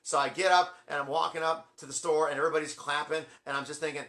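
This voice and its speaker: A man's voice: fast talker, hardly any pauses. A middle-aged man telling a long, rambling story on his video blog, acting out quotes with big jumps in his voice. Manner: excitable, acts out quotes with big pitch jumps. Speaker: music vlogger.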